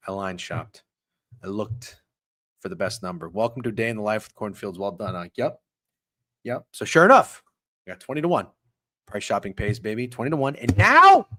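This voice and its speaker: A man hosting a live sports betting stream, ranting with heavy swearing and swinging from muttered asides to loud outbursts. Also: lowish voice, no echo. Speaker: sports betting show host.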